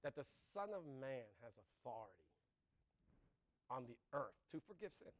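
A man's voice: medium pitch, big pitch swings, moderate pace. A man preaching a sermon in a conversational way, asking the congregation questions and laughing at his own jokes.

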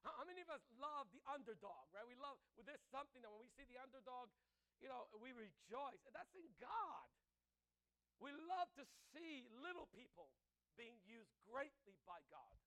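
Male pastor, very high bright voice, fervent sermon delivery with frequent restarts. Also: big pitch swings, moderate pace. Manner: fervent, repeats words and restarts often.

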